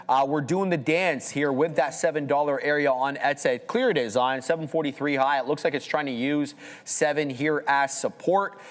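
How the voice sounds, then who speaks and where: A man's voice: a little high, long reverb tail. A man co-hosting a live trading show, giving casual market commentary and chatting with his co-hosts. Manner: chatty, relaxed, tells stories. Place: studio.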